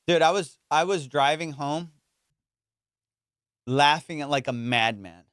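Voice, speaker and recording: A young man hosting a podcast, telling a story in an animated, casual way, swearing and saying "dude" and "bro" a lot. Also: a little high, a little slow, pauses often, clean tone, dry recording, clean studio sound. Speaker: podcast host.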